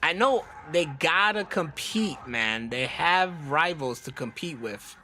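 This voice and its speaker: An American streamer with a fairly high, sharp and forceful voice rambles casually as he reacts to videos. He talks in a loose, profane way and laughs often. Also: lively intonation, slow. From United States.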